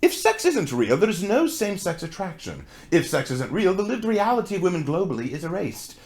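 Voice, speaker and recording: A man's voice: high-pitched, sing-song, fairly quick, darkish tone, pitched above the performer's own voice. A man doing an imitation of a British woman with a put-on British accent, reading a statement earnestly. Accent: attempted British English. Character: British woman author reading her tweets aloud.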